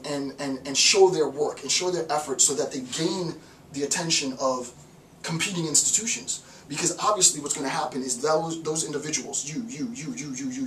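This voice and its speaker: A man giving an informal philosophy lecture, animated, repeating words and acting out little voices. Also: fairly high pitch, slight background noise. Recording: roomy echo, mic far off.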